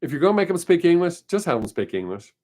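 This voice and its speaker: Hosting his weekly live stream, a man with a slightly high, warm voice talks fast with big swings in pitch. He answers viewer comments casually, wandering off on tangents, sharing opinions freely, and laughing frequently.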